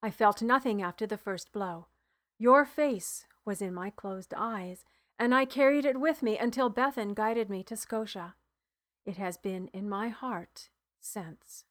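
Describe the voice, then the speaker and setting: A woman reading the lines of a dead husband's spirit in an audiobook, in a soft, consoling way. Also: medium pitch, a little slow, lightly acted. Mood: gentle. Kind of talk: audiobook narration.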